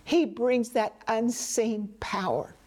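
Woman Bible teacher, unhurried and earnest, slightly high voice, whispers for emphasis. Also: darkish tone. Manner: addresses listener as "my friend". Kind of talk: devotional teaching.

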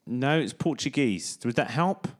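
A man's voice: medium pitch, animated, measured pace. A man hosting a casual podcast chat, teasing his co-host in a playful way.

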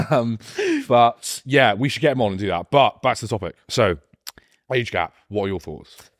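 Low-voiced man, teasing host. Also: moderate pace, no echo, clean studio sound. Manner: teasing, jokey, acts out little bits. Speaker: podcast co-host. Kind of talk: casual chat.

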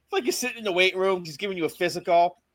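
A man's voice: high-pitched, fairly bright tone. A man co-hosting a podcast, joking crudely and laughing along. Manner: joking, profane, quick to laugh. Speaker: podcast co-host. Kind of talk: crude casual chat.

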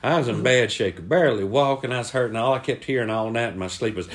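A man's voice: quick pace, few pauses. A man telling a long funny story on a podcast, acting out other people's voices. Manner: acts out voices, shouting quoted lines high. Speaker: podcast co-host. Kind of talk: animated storytelling.

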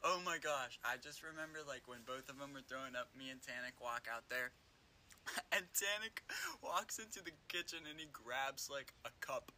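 A man's voice: mid-range voice, normal speed, pushed and bright. A young man chiming in casually, giggling as he recalls shared memories with a friend. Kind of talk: casual chat. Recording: crowd noise behind.

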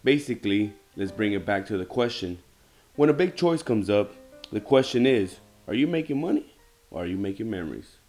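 A man's voice: on the low side, expressive, brisk, a little mellow, faint music behind. A man hosting a podcast, telling a short story to lead into a question for his guest. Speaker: podcast host. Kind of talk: casual podcast talk.

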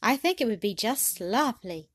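A woman's voice: fairly high pitch, animated, normal speed, no echo, studio quality. A woman voicing an eager, spirited girl. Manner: eager, half indignant. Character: eager, lively girl, quick to take offense.

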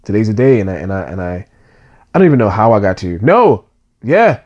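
A man's voice: lowish voice, big pitch swings, brisk, darkish tone, dull audio. Emotional man telling a heartfelt story. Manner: emotional, earnest, casual slang.

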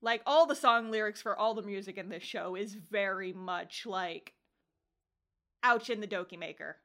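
A woman's voice: medium pitch, normal speed, fairly bright tone. A woman co-hosting a podcast, casually recapping an anime episode, laughing often and swearing as she acts out the characters' lines. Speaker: podcast co-host.

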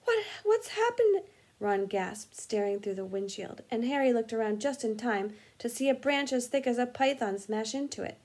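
A woman, a music teacher, reading a storybook chapter aloud in an animated, expressive way with small slips. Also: a little high, moderate pace, few pauses.

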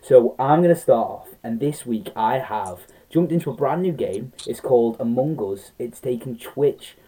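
A man talks casually and tells stories with a lively, animated delivery. His voice is dark and mellow. He sits a little back from the mic. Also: mid-range voice, normal speed, slightly rough, far from the mic, rough recording. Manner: animated storyteller, acts out quotes. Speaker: podcast host. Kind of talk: casual chat.

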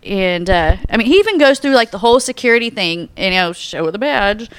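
A woman tells a story in a casual podcast chat. She is excitable and laughs often. She slips into little voices when she quotes people. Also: medium pitch, a little fast, smooth, no room sound.

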